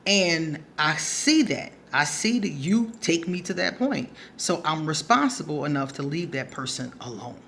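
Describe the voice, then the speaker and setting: A woman's voice: low-pitched, animated, unhurried, vocal fry, few pauses, a bit bright, slight background noise. Blunt, laughing woman vlogger. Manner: blunt, profane, laughs often while telling a story. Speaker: advice vlogger answering a subscriber. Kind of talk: casual storytelling monologue.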